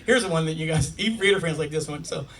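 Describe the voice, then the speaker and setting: A man performing a stand-up comedy set, telling animated stories and laughing at his own jokes. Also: fairly high pitch, rapid-fire. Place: comedy club stage. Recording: live room mic, distant, with audience. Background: audience laughter.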